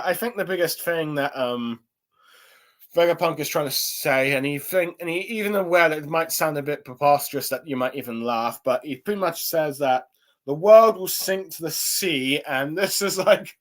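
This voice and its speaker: A man's voice: fairly high pitch, normal speed. A young man giving a casual spoken review, rambling with lots of fillers and restarts. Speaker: anime and manga reviewer.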